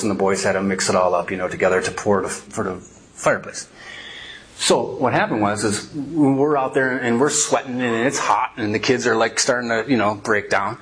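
A middle-aged man preaching as a pastor, telling a funny story with lively energy before reading and explaining Scripture. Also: on the low side. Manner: animated storyteller, laughs while telling. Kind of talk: sermon with storytelling.

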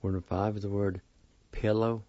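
A man teaching a vocabulary lesson, spelling and pronouncing each word slowly and patiently, repeating it several times. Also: lowish voice, level tone, dark tone, no echo. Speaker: language teacher. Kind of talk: slow spelling and pronunciation lesson. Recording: dull lo-fi recording.

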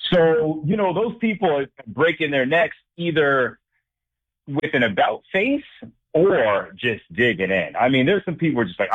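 A man who works as a sports director and anchor, a guest on a sports talk show, talking in an emphatic, animated way. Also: mid-range voice, moderate pace, breathy edge. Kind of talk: casual phone-in sports chat. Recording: tinny phone line.

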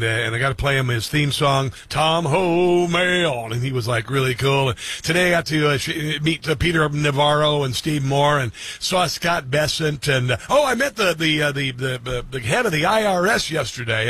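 A man's voice: on the high side, brisk, hardly any pauses, a bit bright, slightly rough. A middle-aged man hosting a talk radio show, rambling with many fillers and mocking asides. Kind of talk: casual opinionated talk radio.

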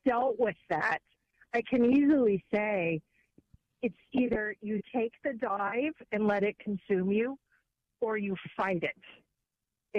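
A woman calling in to a radio talk show, speaking haltingly with many restarts. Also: mid-range voice, no room sound. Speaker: caller. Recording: phone line.

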